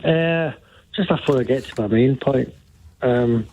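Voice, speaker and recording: A man's voice: medium pitch, a little slow, darkish tone. A man from Glasgow with a Scottish accent, calling into a radio show and chatting in a rambling, jokey way. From Glasgow, Scotland. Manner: rambling, jokey, laughs a lot. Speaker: caller. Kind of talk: casual phone-in chat. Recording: tinny phone line.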